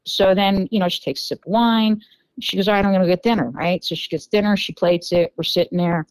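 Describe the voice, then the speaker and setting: A woman with a New York accent telling a dating story in a casual podcast interview, animated and full of fillers, acting out quoted dialogue. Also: fairly low pitch, a little fast, no room sound, low-quality recording. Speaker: podcast guest.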